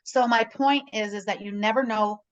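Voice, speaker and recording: A middle-aged woman appears as a guest realtor on a video call, chatting casually, telling stories, and often checking in with "right?". Her voice is fairly high and steady at a normal speed, and the recording is muffled.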